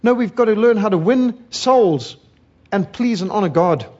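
A man's voice: sits high, expressive, moderate pace, a little mellow, highs cut off. A middle-aged man from South Africa preaching a sermon, fiery and emphatic, building rhythmic lists of words.

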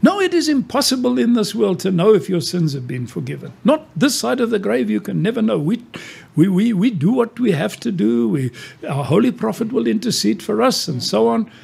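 A man's voice: sits high, big pitch swings, fairly quick, creaky, a little mellow, husky, voice pushed up, full character voice. A man voicing an earnest young woman who firmly and repetitively insists on her points. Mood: insistent. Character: earnest young woman, matter-of-fact and firm.

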